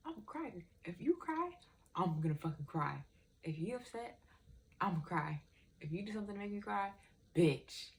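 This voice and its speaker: A woman's voice: lowish voice, sing-song, a little fast, a little hiss or hum. A young woman vlogger in casual, candid chat, rambling and swearing freely.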